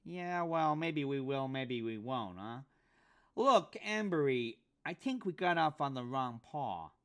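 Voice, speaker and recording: A man voicing a small, sly rat-like henchman with a pinched, nasal, high voice and street slang. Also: lively intonation, takes it slowly, smooth. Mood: sly menace. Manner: cocky, threatening, street slang.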